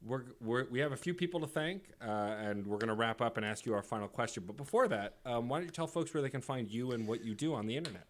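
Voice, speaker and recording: A man's voice: medium pitch, lively intonation, fast, few pauses. A man hosting a podcast, laughing often and wrapping up the interview with thanks. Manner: laughs often, friendly wrap-up. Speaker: podcast host. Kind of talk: casual chat.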